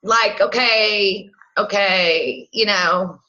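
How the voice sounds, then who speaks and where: A woman guest in a casual online discussion, explaining slowly and emphatically and repeating herself. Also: medium pitch, sharp tone, muffled recording.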